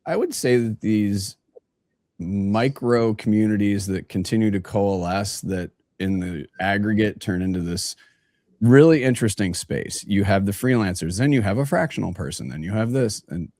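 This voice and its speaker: Playful low-voiced male interviewer, dry sound. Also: lively intonation, moderate pace, a little mellow, dry recording. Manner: playful, rambling questions with many fillers. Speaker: interviewer, host. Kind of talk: casual conversational interview.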